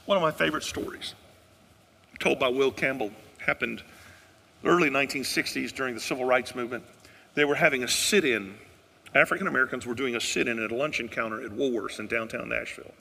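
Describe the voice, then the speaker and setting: A man's voice: medium pitch, a little fast, gravelly, sharp tone, breathy edge, long reverb tail. A male pastor preaching a sermon, telling a story in an earnest way and asking the congregation questions.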